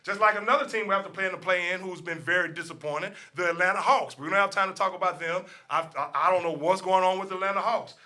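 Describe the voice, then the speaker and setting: A man with a high, sharp, very bright voice, hosting a sports talk show. He rants his opinions hard, swears freely and circles back to the same points. His delivery is heated and talky. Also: steady tone, fast talker, few pauses. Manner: opinionated, ranting, profane, repeats himself.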